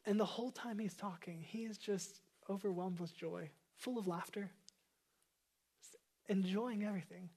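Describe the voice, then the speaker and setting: A man preaching a sermon as pastor, earnest, repeating key phrases and moving between emphatic lines and hushed ones. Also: high-pitched, moderate pace.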